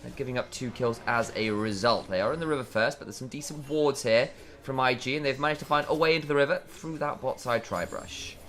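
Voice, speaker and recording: An English man giving live play-by-play on an esports match, energetic and playful. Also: mid-range voice, brisk. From England. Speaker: esports commentator.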